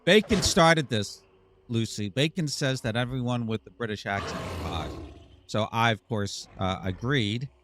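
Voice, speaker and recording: A man's voice: medium pitch, animated, unhurried, noisy background. A man hosting a live game stream, chatting casually and teasing his viewers in a playful way. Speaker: live-stream gamer host.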